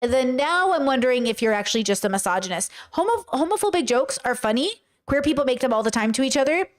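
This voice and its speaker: High-pitched woman host; chatty commentary, lively, throws in mocking impressions. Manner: animated, often puts on mocking voices. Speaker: podcast host reacting to a video. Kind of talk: casual commentary with live chat.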